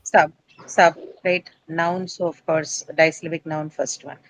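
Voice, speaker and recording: A woman's voice: low-pitched, steady tone, a little slow, poor audio. A middle-aged woman teacher lecturing a class, explaining step by step and quizzing her students as she goes.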